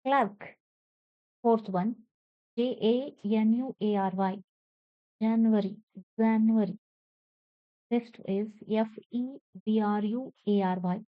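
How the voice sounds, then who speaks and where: She speaks slowly with long pauses, her voice a little high, smooth and steady. An Indian woman with an Indian English accent, she teaches pronunciation by spelling words letter by letter and then repeating them carefully, in a dry, slightly dull lo-fi recording.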